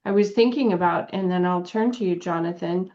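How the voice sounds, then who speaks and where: A woman's voice: lowish voice, brisk. Woman coach telling stories on a dull call. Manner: storytelling, thoughtful, warm laughs. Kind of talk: casual roundtable chat. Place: California.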